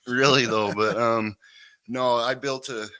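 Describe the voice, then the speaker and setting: A man's voice: mid-range voice, fairly even intonation, unhurried, pushed and bright, no room sound. A man, talking in a laid-back, rambling way as a guest recounting his recovery story. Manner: laid-back, rambling, lots of "you know what I mean". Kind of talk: casual interview chat.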